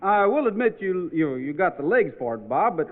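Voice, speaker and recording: An easygoing cowboy in a 1950s radio comedy, stumbling over a word now and then. His voice is fairly high and moves around a lot. The old broadcast comes through tinny under loud hiss. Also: very animated, normal speed. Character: easygoing good-natured male cowboy singer. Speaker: singing cowboy guest in radio sketch.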